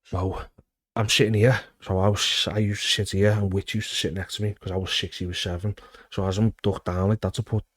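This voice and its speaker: A man's voice: on the low side, brisk, no room sound. A man in his thirties, a former footballer with a Liverpool accent, telling stories in a casual interview, acting out quotes and swearing freely. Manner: animated, swears freely, acts out quotes loudly.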